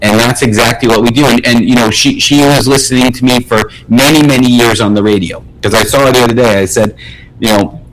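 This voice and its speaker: A middle-aged man, a personal injury lawyer, tells a case story on a radio show in a casual way. He often repeats and restarts his words and speaks in quick bursts. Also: medium pitch, fairly even intonation, a little hiss or hum, poor audio.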